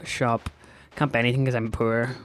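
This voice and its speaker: A young man giving sarcastic, excitable let's-play commentary to his viewers. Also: medium pitch, normal speed. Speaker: gaming YouTuber.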